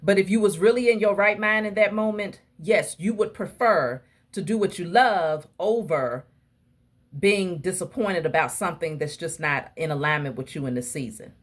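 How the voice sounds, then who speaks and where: A woman with a low, husky voice reads tarot cards for her viewers. She speaks emphatically, like a preacher, and addresses her audience directly as she lays out each message. Her tone stays slightly breathy throughout. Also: moderate pace. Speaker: tarot reader. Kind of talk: casual tarot reading to viewers.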